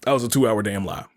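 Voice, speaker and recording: Laughing, cursing podcast host. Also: male voice, mid-range voice, a little mellow. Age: 30s. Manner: profane, laughs often between phrases. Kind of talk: casual storytelling chat.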